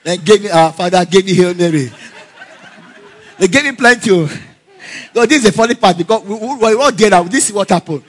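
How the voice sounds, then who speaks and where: A man's voice: high-pitched, a little fast. A man preaching a sermon, telling stories with frequent laughter and calling out to the congregation for responses. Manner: animated storyteller who laughs often.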